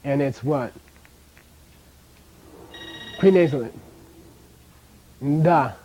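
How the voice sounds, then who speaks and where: A man teaching a language class, drilling pronunciation by repeating sounds and checking in with the students, his voice often dropping quiet at the ends of phrases. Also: medium pitch, normal speed, slight background noise, rough recording.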